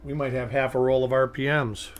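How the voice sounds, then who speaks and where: A man's voice: medium pitch, level tone, a little fast, a little hiss or hum. A man hosting a live coin-hunting stream, chatting casually and rambling as he thinks aloud at his desk. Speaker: coin hunting livestream host.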